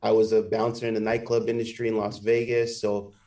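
A man sharing his personal testimony as a guest, speaking in a measured, halting way and clearing his throat. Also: on the low side, flat delivery, mellow, far from the mic.

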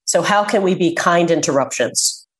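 A woman speaks as a guest in a relaxed interview, with a slightly low voice. She is earnest and emphatic, slowing down to stress her main points. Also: poor audio. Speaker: guest, communication coach. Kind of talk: casual interview chat.

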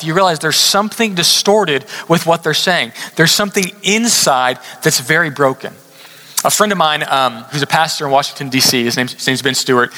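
A man preaching a sermon, telling a story in a conversational way and slowing down hard to stress his points. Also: a little high, sharp tone. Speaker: pastor. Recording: long hall reverb.

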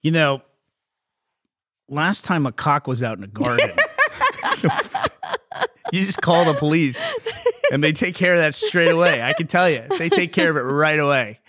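A man hosts a casual podcast chat in a slightly raised voice. His pitch jumps around animatedly as he jokes, laughs and swears casually. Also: animated, normal speed, long pauses, a bit bright. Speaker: podcast co-host.

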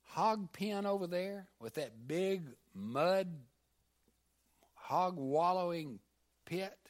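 A man's voice: sits high, animated, very slow, voice pushed up, heavily acted. A male preacher voicing a humble, devout enslaved man who speaks earnestly and tenderly. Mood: gentle.

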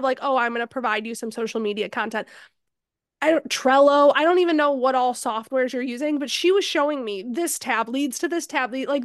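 A woman's voice: sits high, clean tone, no room sound, studio quality. A woman hosting a podcast interview, talking in an effusive, encouraging way with lots of "like". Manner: effusive and encouraging, heavy use of "like". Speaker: podcast host.

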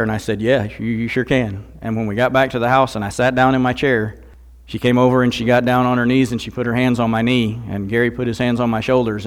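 Older man, guest preacher, earnest testimony, bursts of emphasis. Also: lowish voice. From Missouri, USA. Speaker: guest speaker. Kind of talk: sermon with personal testimony.

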